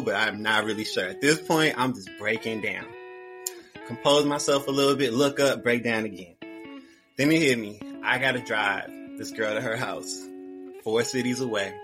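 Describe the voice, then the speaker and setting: Young man, personal storytelling, casual slang, repeated phrases, mid-pitched voice. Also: fairly bright tone.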